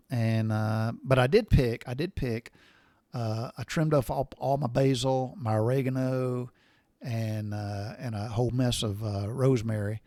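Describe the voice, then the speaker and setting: A middle-aged man telling folksy stories in a casual podcast monologue, cussing lightly and getting animated at the exciting parts. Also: medium pitch, unhurried, no echo. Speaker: podcast host.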